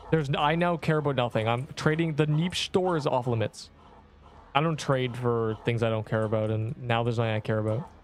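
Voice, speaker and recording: A man in his twenties streaming a game, chatting casually with viewers in a rambling, offhand, slangy way. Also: mid-range voice. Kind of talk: casual livestream chat answering viewers.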